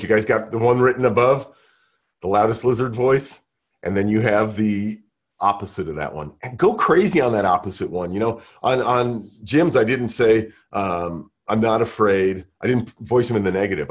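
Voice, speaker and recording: A man with a deep, husky voice runs an interactive workshop. He coaxes the group along with energy and keeps asking them questions. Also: lively intonation, moderate pace. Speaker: workshop leader.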